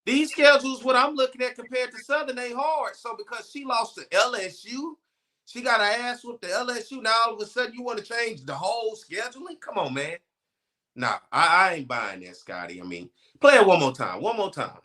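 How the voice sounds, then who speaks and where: A man's voice: very high-pitched, lively intonation, fairly quick, bright, forceful tone. A man co-hosting a casual sports talk show who argues his point with skepticism. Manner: argumentative, skeptical. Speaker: co-host.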